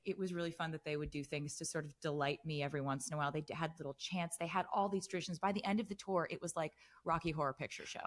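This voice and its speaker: A woman in her thirties, a guest on a casual podcast, telling animated stories with lots of fillers. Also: deep voice, very fast, hardly any pauses. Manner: chatty, animated storytelling with frequent fillers. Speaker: guest musician.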